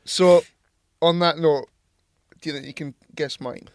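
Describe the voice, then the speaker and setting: Fairly high-voiced man, playful banter. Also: steady tone, unhurried, no echo, studio quality. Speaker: podcast co-host. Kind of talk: casual chat.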